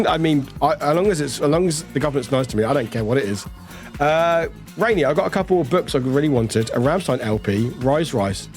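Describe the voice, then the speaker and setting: A streamer chatting casually with viewers, reading out chat and greeting people, with a lingering cough. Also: medium pitch. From United Kingdom. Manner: chatty, rambling, warm toward chat, quick laughs.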